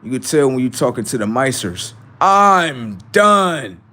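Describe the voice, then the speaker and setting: A man's voice: medium pitch, brisk, darkish tone. Profane rambling man taunting his chat. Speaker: livestream host. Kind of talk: casual livestream talk to chat.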